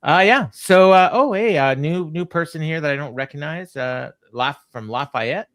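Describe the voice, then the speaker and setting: A middle-aged man co-hosts a casual podcast, telling long, rambling stories packed with ums and restarts. His voice sits on the high side and is fairly bright, at a moderate pace, in clean studio sound without echo.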